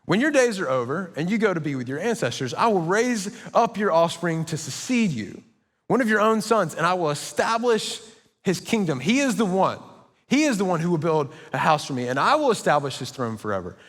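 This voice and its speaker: A man's voice: high-pitched, big pitch swings, a little fast, fairly bright tone. A young man preaching a sermon, telling stories with playful, self-mocking asides. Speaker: pastor. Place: church hall. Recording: long church hall reverb.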